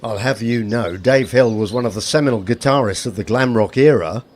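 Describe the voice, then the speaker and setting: A man's voice: medium pitch, brisk, natural voice. A man playing an awkward door-to-door preacher in a comedy sketch, defensive and rambling.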